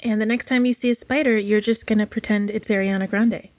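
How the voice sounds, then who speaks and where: A woman co-hosting a casual chat, playful and animated as she tells stories. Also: mid-range voice, fairly quick.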